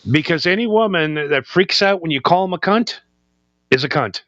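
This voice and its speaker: Lively joking male podcast co-host. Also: on the high side, moderate pace, no echo, highs cut off. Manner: loud joking, laughing a lot. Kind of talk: casual chat.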